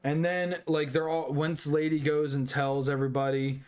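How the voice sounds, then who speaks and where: A man's voice: fairly high pitch, flat delivery, normal speed, a little mellow, clear, resonant tone. A young man, a little drunk, rambling through a casual review of a cartoon film, swearing often and restarting his sentences. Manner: rambling, profane, many restarts and fillers. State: tipsy.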